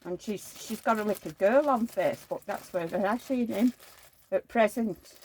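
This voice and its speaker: A woman's voice: medium pitch, moderate pace, a little hiss or hum. A woman, rambling through homely anecdotes in a chatty vlog and acting out the dialogue. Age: 70s. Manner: rambling anecdotal storytelling, acts out quoted dialogue. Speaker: reborn doll collector.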